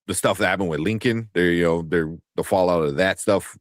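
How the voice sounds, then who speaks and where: A very deep-voiced man hosts a laid-back podcast chat, sounding sleepy and a little groggy. He rambles and restarts his sentences often. The sound is dry and close to the mic. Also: a little fast, no echo. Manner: loose, rambling, with many restarts. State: sleepy, yawning. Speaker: podcast host. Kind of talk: casual chat.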